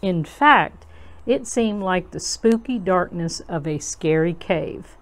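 Woman, children's storybook reader, read-aloud, slow pace, gentle, expressive. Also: lowish voice.

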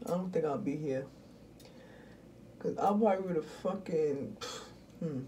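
A woman venting bluntly and profanely to her viewers in casual talk, swinging between muttering and loud outbursts. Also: deep voice, a little slow, slight background noise. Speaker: vlogger.

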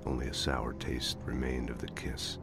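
An actor playing a weary hard-boiled detective narrating a grim noir monologue in a video game. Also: male voice, a bass voice, completely flat delivery, normal speed, vocal fry, over loud music.

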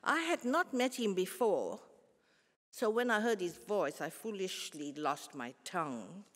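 A South African woman in her seventies gives a formal public lecture as a guest speaker in a large concert hall, with long hall reverb on the recording. Her mid-range voice has lively intonation, and she tells stories in a measured, earnest way with pauses and restarts.

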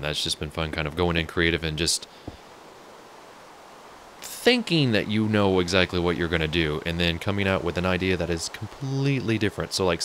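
A man's voice: deep voice, a bit bright, a little hiss or hum. A man casually talking through his game build, chatty and joking with viewers. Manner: chatty, jokey, talks to viewers. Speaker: let's play host. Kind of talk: casual gameplay commentary.

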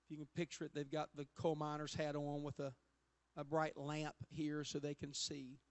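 High-voiced preacher man. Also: completely flat delivery, normal speed. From Appalachia. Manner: storytelling preacher, builds to loud emphatic calls. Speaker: pastor. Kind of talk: sermon. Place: church sanctuary.

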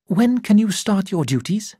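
A reader voicing a formal male committee secretary who speaks in a measured, official way, in a slow and slightly husky tone. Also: medium pitch, big pitch swings, dark tone, dry recording, studio quality, voice pushed up.

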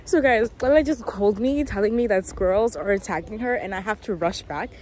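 A woman's voice: medium pitch, a little fast, darkish tone. A playful young woman from South Africa chatting casually to camera in a vlog, recorded outdoors. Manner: playful, jokey, often puts on silly accents. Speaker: vlogger. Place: outdoors in a park. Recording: outdoor noise in the background.

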